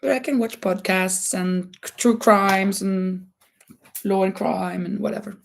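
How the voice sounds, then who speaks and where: A woman's voice: medium pitch, fairly even intonation, unhurried, creaky, a little hiss or hum. A woman hosting a casual crochet chat, talking loosely with many fillers and restarts, her voice cracking now and then. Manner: chatty, thinks aloud with many fillers and restarts. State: voice cracking, coughing. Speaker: livestream host.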